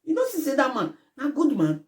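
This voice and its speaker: Lively Nigerian woman vlogger. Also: sits high, a little fast. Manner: Pidgin-mixed, preachy, grows impassioned. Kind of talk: casual commentary to camera.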